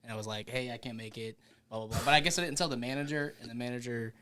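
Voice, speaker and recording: A man who is a youth pastor, a guest on a casual podcast chat, telling a story in a relaxed, offhand way. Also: medium pitch, rapid-fire, smooth.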